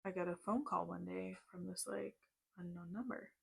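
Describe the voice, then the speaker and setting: A woman's voice: lowish voice, fairly even intonation, normal speed, vocal fry, breathy edge. A woman in her thirties telling a personal story in a casual, chatty way, full of "like" and tense asides. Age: 30s. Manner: chatty, lots of "like", tense retelling. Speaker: vlogger. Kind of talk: casual storytime while doing makeup.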